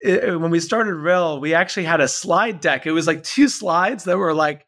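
A man talking as a podcast guest, telling a convoluted business story quickly and animatedly, with many restarts. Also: on the high side, a bit bright. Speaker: podcast guest, tech company founder. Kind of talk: casual interview chat.

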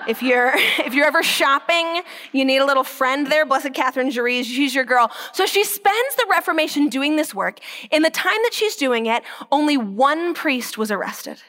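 High-voiced woman telling saint stories. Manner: lively storyteller, drops to a whisper for emphasis, slows on key words. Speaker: Catholic speaker. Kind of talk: inspirational talk with storytelling.

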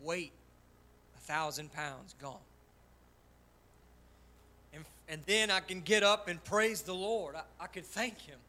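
A male pastor preaching an impassioned sermon, swinging between loud and soft as he gives personal testimony. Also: sits high, takes it slowly, pauses often. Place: church sanctuary.

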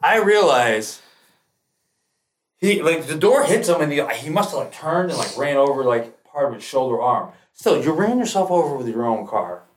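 A man's voice: fairly high pitch, moderate pace. A man, a podcast guest telling a long story casually, with lots of swearing and acted-out quotes. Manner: profane, animated, acts out quoted lines.

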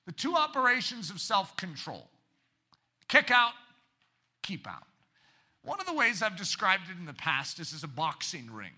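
A man preaching a sermon, animated, shouting for emphasis and dropping to quiet asides. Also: high voice, normal speed, long pauses. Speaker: pastor.

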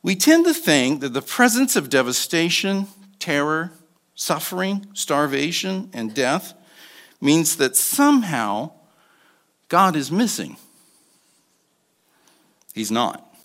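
Older guy in his 60s giving a sermon, pitch jumps all over, tells a story, goes quiet then punchy. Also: very animated, slow, long pauses. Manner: storytelling, shifting between soft asides and emphatic bursts. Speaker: guest speaker.

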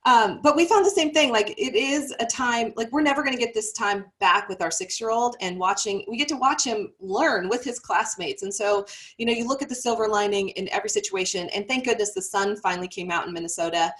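A woman's voice: mid-range voice, a little fast, hardly any pauses, a bit bright. A woman hosting an interview, asking loose, rambling questions full of "like". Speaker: host.

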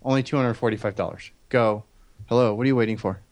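A man at a middle pitch hosting a casual car podcast. He thanks guests and reads sponsor plugs with an upbeat push. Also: fast, a little mellow. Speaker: podcast host. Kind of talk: casual chat.

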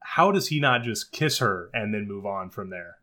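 Bright-voiced joking man. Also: fairly low pitch, lively intonation, moderate pace. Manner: wry, joking commentary with mock outrage. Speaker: podcast co-host. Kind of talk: casual chat.

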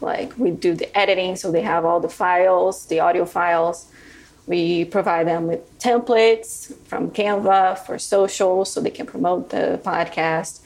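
Gravelly low-voiced woman guest. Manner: earnest, explains step by step. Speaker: podcast guest, podcast manager. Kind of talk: casual interview chat.

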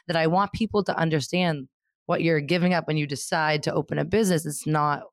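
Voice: mid-range voice, steady tone, a little fast, dry recording, studio quality. A podcast host responding to a guest in an emphatic, conversational way, repeating points for emphasis. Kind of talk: conversational interviewing.

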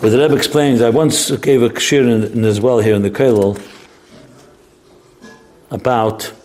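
A man's voice: medium pitch, steady tone, unhurried, darkish tone, soft background music. A man teaching a text study lesson, thinking aloud with restarts and mixing in Hebrew terms. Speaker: Torah teacher. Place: study hall classroom.

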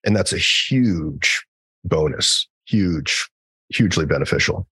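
Husky deep-voiced man telling stories. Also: takes it slowly, no echo. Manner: animated storyteller acting out quoted dialogue; frequent fillers and restarts, casual swearing. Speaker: psychologist guest. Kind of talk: conversational podcast storytelling.

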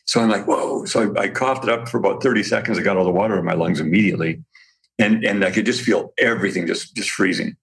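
A man's voice: fairly low pitch, quick pace, gravelly. A man as the guest in a casual interview, talking enthusiastically and telling stories, with frequent restarts and small laughs. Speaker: guest, company founder.

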